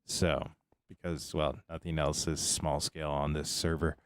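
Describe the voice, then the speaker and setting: A man's voice: extremely low pitch, little pitch movement, a little slow, clear, resonant tone. A man giving casual livestream commentary as a game streamer, rambling along and answering his chat between remarks.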